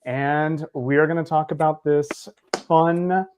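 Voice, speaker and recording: A man's voice: on the high side, steady tone, slow pace, a little mellow, smooth. A man who is a correspondent on a casual podcast, talking in a jokey, upbeat way. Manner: jokey and upbeat, laughs often. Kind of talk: casual chat.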